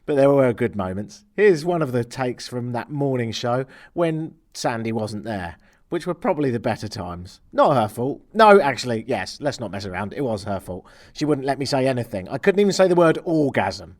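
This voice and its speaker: A man's voice: medium pitch, animated, normal speed, darkish tone. A man, a radio host, looking back on his career in candid, wry narration. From Britain. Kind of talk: reflective narration.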